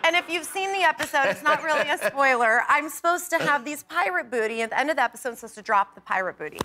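Woman, 30s, talk show guest, high bright voice, animated storytelling, acts out quotes, faint noise. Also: quick pace. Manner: animated storyteller who acts out quoted dialogue and laughs often. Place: TV studio.

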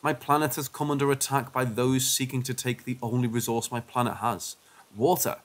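Brief: stiff, measured alien overlord, calm threat, read by a male narrator. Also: medium pitch, natural voice. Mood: solemn. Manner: formal, measured.

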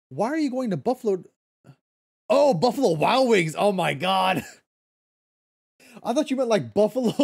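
A man's voice: high voice, darkish tone. A man streaming a video game from home, chatting casually with viewers, reading and answering chat, swearing freely and laughing often.

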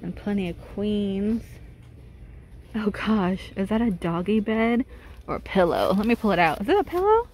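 Woman vlogger, mellow voice, chatty shop walkthrough on phone, faint store hum. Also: medium pitch, measured pace. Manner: chatty, gushing over cute finds, reading prices aloud. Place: inside a large retail store.

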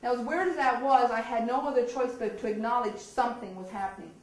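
A woman gives an animated storytelling speech, laughing often and slipping into the voices of the people she describes. Her voice sits a little high. It reaches the mic from a distance, with the echo of a hall around it. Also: fast talker. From eastern Canada. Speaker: speaker telling her story.

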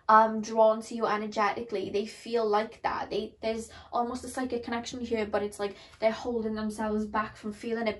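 A young woman chats her way through a tarot reading, her voice sitting a little high. She rambles loosely, filling her sentences with "like" and "um" as she explains the cards. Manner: chatty, rambling, frequent "like" and "um". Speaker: tarot reader.

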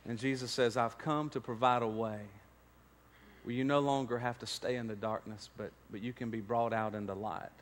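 A man's voice: medium pitch, steady tone, moderate pace, long reverb tail. A man, preaching a sermon, telling stories and building to emphatic points. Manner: storytelling, rising to emphatic preaching. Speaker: pastor. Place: church sanctuary.

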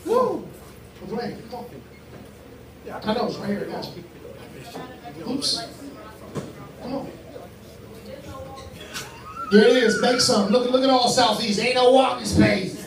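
High-voiced D.C. man hosting a rowdy crowd. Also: measured pace, vocal fry, long pauses, far from the mic. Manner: loud, teasing, profane banter with laughter. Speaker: comedy show host running a crowd game. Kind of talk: live crowd-work hosting. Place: live event venue with an audience. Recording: echoey venue recorded from afar, loud crowd.

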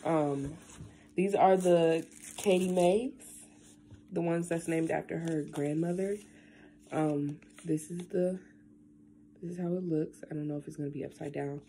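A young woman talking casually into her camera at home, rambling and tearful, with lots of halting fillers. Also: sits low, steady tone, mellow, slight background noise. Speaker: vlogger. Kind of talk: casual vlog, emotional talk then unboxing.

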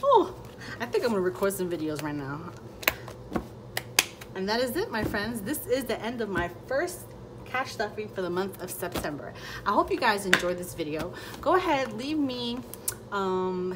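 Counting cash out loud for her budget vlog, a woman chats casually in a medium-pitched voice and throws in playful asides. There's a lot of noise in the recording.

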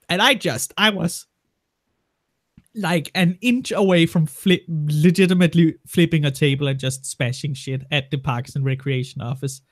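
A man's voice: on the high side, moderate pace, no room sound, clean studio sound. A man in his late twenties, a guest on a livestream, telling stories bluntly with lots of swearing. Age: 20s. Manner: blunt, crude, swearing storyteller. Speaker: guest on a stream. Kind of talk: casual banter on a livestream.

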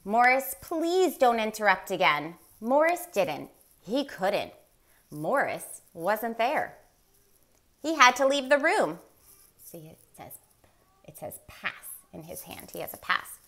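A woman reading a picture book aloud for a virtual story time, in an expressive, animated way. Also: medium pitch, takes it slowly, pauses often.

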